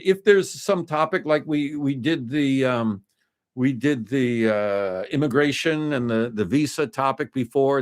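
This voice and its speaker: A man in his fifties hosting a casual home livestream, rambling through restarts and fillers as he talks to his viewers. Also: medium pitch. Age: 50s. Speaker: livestream host. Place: home desk, indoors.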